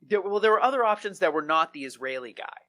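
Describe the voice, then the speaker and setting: A man being interviewed on a podcast, telling comic stories in an animated, rambling way and laughing often. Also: high voice, fast. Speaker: podcast guest, comedy writer. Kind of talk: casual conversation, comic storytelling.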